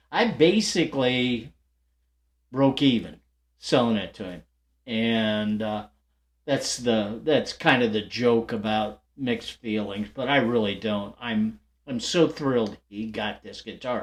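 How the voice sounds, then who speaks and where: An older man at a middle pitch chats to his viewers like an old friend. His story wanders, with fillers and restarts, and he often breaks into light laughs as he goes. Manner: rambling, chatty, lots of fillers and restarts. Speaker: guitar channel host.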